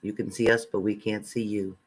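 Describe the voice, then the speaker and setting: A man hosting a live stream as a spiritual reader, reading out viewer comments and answering them bluntly, swinging between loud outbursts and low muttered asides. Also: level tone, fairly quick. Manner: blunt and confrontational, talking back to commenters.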